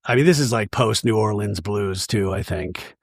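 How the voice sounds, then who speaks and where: A man's voice: fairly low pitch, lively intonation, normal speed, creaky, breathy edge, dry recording, studio quality. A man hosting a podcast, casually recapping a reality show episode in a chatty, self-deprecating way. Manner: chatty and self-deprecating, quotes cast members in their own voice.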